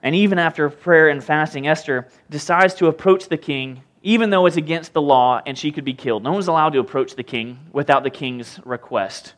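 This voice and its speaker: High-voiced man preaching a sermon. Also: a little fast, few pauses. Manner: animated storytelling, conversational.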